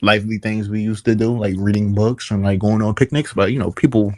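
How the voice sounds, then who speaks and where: A man's voice: on the low side, fairly even intonation, fairly quick. Laid-back man chatting casually. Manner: laid-back, agreeing, rambling. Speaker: guest speaker in live chat. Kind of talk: casual chat.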